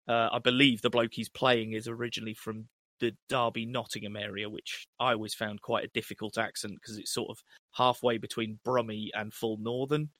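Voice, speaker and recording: A young man chatting casually on a film podcast, sweary and animated, breaking into laughs as he goes. His voice is bright and forceful. The sound is dry and close. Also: lowish voice, a little fast, dry recording. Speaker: podcast co-host.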